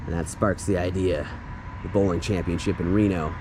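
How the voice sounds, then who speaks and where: An excited man narrating a casual walk-and-talk outdoors, chuckling often as he retells scenes. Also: deep voice, moderate pace. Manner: excited, chuckles often, acts out movie lines. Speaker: filming-location vlogger. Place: outdoors on streets and a driveway. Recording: outdoor traffic noise.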